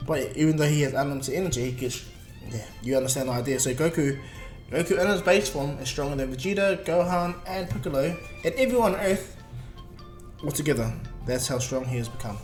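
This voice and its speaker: A man casually narrating a fan-made story, rambling and filling gaps with ums. His voice sits a bit high for a man. The recording is roomy, with soft music underneath. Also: fairly quick. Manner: rambling, filler-heavy, self-correcting. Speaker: video creator. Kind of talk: casual fan-fiction retelling.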